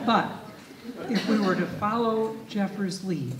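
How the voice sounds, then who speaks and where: A man reading a lecture paper aloud and reciting poetry, in a measured, deliberate way that leans on key words. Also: sits high, animated, crowd noise, background noise. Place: festival talk in a club meeting hall. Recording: echoey room from a distant mic.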